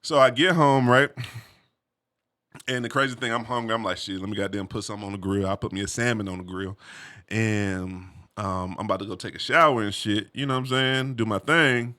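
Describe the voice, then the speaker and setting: A man casually telling a personal story, animated, full of slang and "you feel me" asides. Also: on the low side, a little fast.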